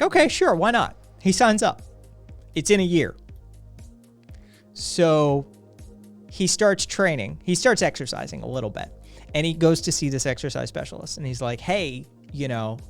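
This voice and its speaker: A man's voice: medium pitch, gravelly, smooth. A man casually telling a long anecdote on a livestream, full of fillers and acted-out quotes, with faint music behind. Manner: rambling, acts out quotes, frequent fillers. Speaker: podcast co-host.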